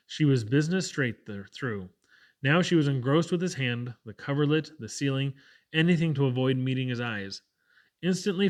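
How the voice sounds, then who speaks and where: A man narrating an audiobook chapter in a measured, unhurried way. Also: medium pitch. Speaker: audiobook reader. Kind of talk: scripted narration.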